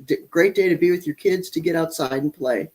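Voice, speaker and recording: A parenting author from Michigan speaks candidly as an interview guest, restarting often as the conversation goes. Her voice is deep and darkish, her pace brisk, and the recording is low-quality.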